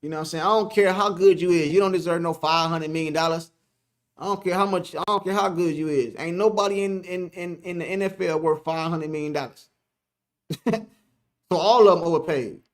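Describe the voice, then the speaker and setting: A man's voice: a little high, brisk. A man hosting a casual sports live stream, reading the chat aloud, joking, laughing and repeating himself.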